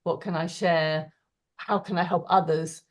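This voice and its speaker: Earnest woman with a lowish voice. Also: fairly even intonation, measured pace. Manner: warm, earnest, hesitant with fillers. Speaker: participant. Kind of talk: heartfelt spoken thanks on a video call. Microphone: video call.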